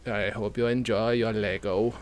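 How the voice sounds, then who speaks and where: A man's voice: fairly low pitch, little pitch movement, moderate pace, slight background noise, lightly acted. A man putting on a mock German accent as an overly sweet, coaxing character.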